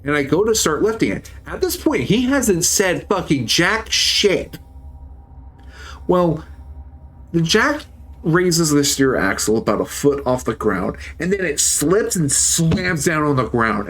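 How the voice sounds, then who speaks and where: A man's voice: a little high, very animated, unhurried, fairly bright tone. Profane man heatedly retelling a story. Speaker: streamer. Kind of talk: casual storytelling.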